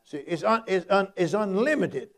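A man's voice: high voice, expressive, normal speed. A man preaching a sermon in a folksy, repetitive, emphatic way, quoting Scripture.

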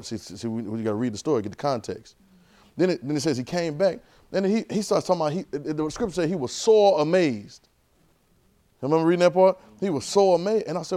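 A man's voice: fairly high pitch, expressive, fast talker, warm tone. A man, preaching a sermon and drawing responses from the congregation. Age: 30s. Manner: call-and-response with the congregation, conversational and emphatic.

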